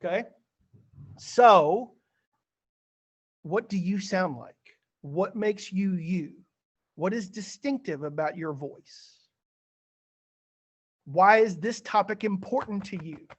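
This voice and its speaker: A man's voice: high-pitched, takes it slowly, long pauses, slightly rough. A male teacher giving chatty, slightly theatrical feedback to students in an online class over a video call. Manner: chatty, animated, a bit theatrical.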